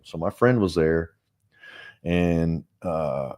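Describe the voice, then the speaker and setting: A man's voice: deep voice, normal speed, darkish tone. A man being interviewed as a guest, telling a personal story in a frank, earnest, rambling way with frequent restarts. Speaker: interview guest, foundation director.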